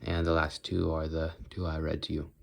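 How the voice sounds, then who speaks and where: An extremely deep, creaky, monotone voice belongs to a teenage vlogger speaking at normal speed. He's on foot in a casual walk-and-talk video, thinking aloud in a rambling way and often cutting himself off mid-thought.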